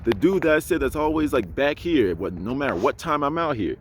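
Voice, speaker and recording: A man's voice: medium pitch, animated, fairly quick, slight background noise. A man vlogging outdoors in a casual monologue, blunt, preachy and self-assured as he talks about spirituality. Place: outdoors in an urban area.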